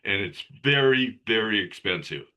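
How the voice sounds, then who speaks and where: A man speaking as a guest doctor on a video call, halting and restarting often. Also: lowish voice, lively intonation, sharp tone. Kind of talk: casual talk on a video call.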